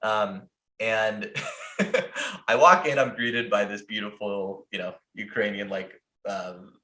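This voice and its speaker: A man's voice: on the low side, steady tone, takes it slowly, sharp tone. An American man telling a long story on a podcast in a casual, profane way, rambling with lots of fillers. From United States. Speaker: podcast host. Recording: roomy echo.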